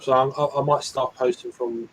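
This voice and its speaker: A man's voice: medium pitch, level tone, moderate pace, crowd noise. A man chatting casually on a video call, hesitant and restarting his sentences. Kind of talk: casual chat.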